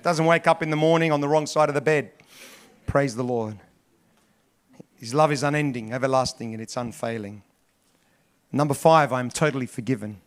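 A middle-aged man preaching a sermon as pastor, emphatic and repetitive, swinging between loud stresses and soft asides. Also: medium pitch, normal speed, long pauses.

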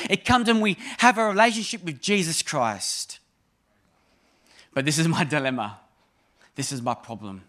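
A man in his thirties preaching a sermon in a conversational, humorous way, with sudden emphatic rises and soft drops. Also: high voice. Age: 30s.

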